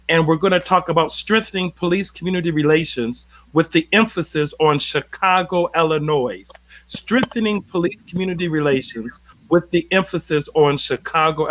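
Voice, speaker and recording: A middle-aged man moderating a church panel, announcing upcoming forums briskly and repeating key phrases for emphasis. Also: fairly high pitch, fairly bright tone. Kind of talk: announcing upcoming events to an online audience.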